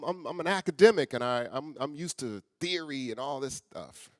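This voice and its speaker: A middle-aged man, a guest speaker and author, telling a personal story in an earnest, conversational way and often dropping to a soft, quiet voice. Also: a little high, animated, moderate pace, hardly any pauses, no room sound. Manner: earnest, conversational, addresses audience as y'all; often drops soft and quiet for emotional moments.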